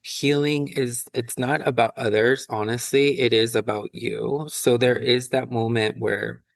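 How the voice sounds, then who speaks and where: A male guest from San Diego talks openly about his life at a middle pitch. His manner is frank, with laughter now and then. The sound is dry, with no echo. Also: fairly even intonation, a little slow, vocal fry. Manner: open, candid, laughs often. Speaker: author guest. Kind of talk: candid personal storytelling.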